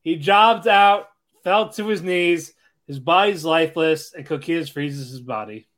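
A man co-hosting a podcast in casual chat, giving short replies and brisk play-by-play recaps. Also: fairly high pitch. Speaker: podcast co-host.

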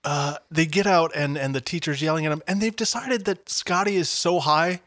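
A man's voice: on the high side, normal speed, a bit bright, no room sound, studio quality. A man co-hosting a podcast in casual chat, joking sarcastically and swearing now and then. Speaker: podcast co-host.

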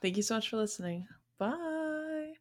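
A woman's voice: a little high, lively intonation, normal speed. A woman hosting a podcast in a casual, chatty way, her voice nasal and congested from a cold. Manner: chatty, upbeat, giggly. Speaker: podcast host.

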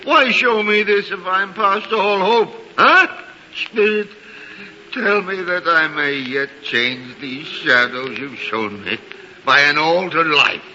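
A man's voice: on the high side, takes it slowly, bright, forceful tone, exaggerated voice. An actor playing a frightened, pleading old miser in a 1940s radio drama, his voice broken and anguished. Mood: desperate. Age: older. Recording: dull, hissy 1949 radio broadcast.

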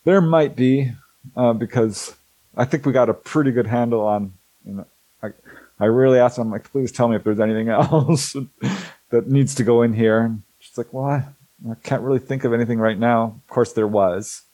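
A middle-aged man telling stories in a casual, animated way, acting out the people he quotes and laughing often. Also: mid-range voice, normal speed, no room sound, poor audio. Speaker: host, author on alien abduction cases. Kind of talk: casual storytelling talk.

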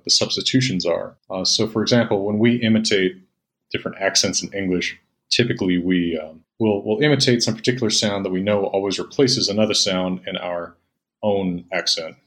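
Speaking low with a fairly bright tone, the middle-aged man is a guest being interviewed, an Old Norse scholar. He explains at length, patiently and in a lecturing style, with lots of ums and fillers.

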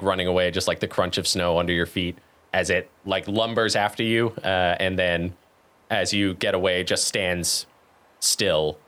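A man's voice: low-pitched, a bit bright. A man narrating as game master, describing scenes loosely with many fillers.

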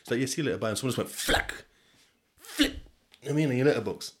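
A young solo podcast host delivers rapid-fire, lively speech in a mid-range voice. His easygoing chat wanders, heavy on slang and swearing, with lots of laughter.

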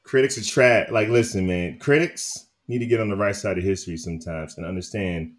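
A man hosting a podcast in casual chat, animated and opinionated, laughing often. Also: low voice, fairly quick. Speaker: podcast host.

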